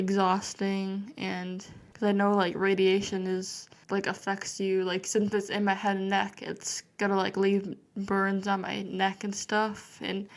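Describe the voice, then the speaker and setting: A woman's voice: mid-range voice, gravelly. A young woman being interviewed on a podcast, talking nervously and hesitantly with many fillers. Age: young adult. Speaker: guest.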